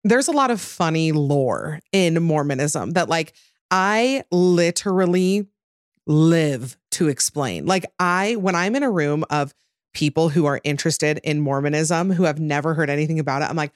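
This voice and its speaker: A woman's voice: sits low, animated, normal speed, no echo, clean studio sound. A young adult woman co-hosting a podcast, chatting casually and animatedly with many fillers. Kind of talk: casual chat.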